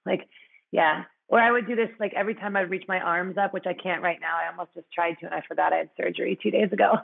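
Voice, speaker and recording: A woman's voice: on the low side, steady tone, fast, vocal fry, breathy edge, phone-quality sound. A woman guest in a conversational interview, speaking frankly with many fillers and frequent laughter.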